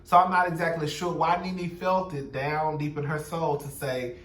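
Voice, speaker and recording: A man's voice: fairly high pitch, moderate pace, hardly any pauses, fairly bright tone, roomy sound, far from the mic. A young man giving a sassy, blunt, profane recap of a reality TV episode, gossiping and quoting the cast. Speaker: show recap commentator.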